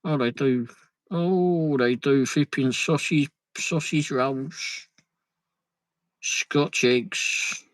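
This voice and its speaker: A man's voice: a little high, slow pace, dry recording, poor audio. A man chatting casually on a live stream, reading out viewer comments with muttered asides. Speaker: livestream host. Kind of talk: casual live chat while travelling. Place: in a vehicle on the road.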